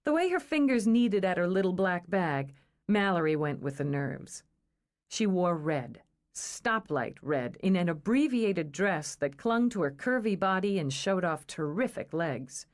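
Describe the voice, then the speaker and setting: A woman reading a romance novel aloud in a measured, expressive storytelling style. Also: lowish voice. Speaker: audiobook narrator. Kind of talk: scripted narration.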